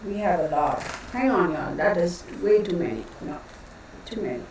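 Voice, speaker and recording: Hosting a tarot live stream from a home room, this woman speaks in a mellow, expressive, lowish voice at a moderate pace, chatting and rambling while greeting viewers by name. The distant mic picks up heavy echo from the room and the faint hum of a running fan.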